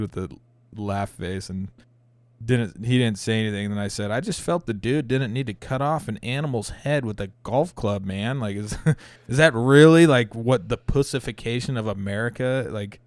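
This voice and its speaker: A man's voice: lowish voice, normal speed, dry recording. A man co-hosting a comedy podcast, telling rambling, profane stories in casual chat and acting out the quotes. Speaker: podcast co-host.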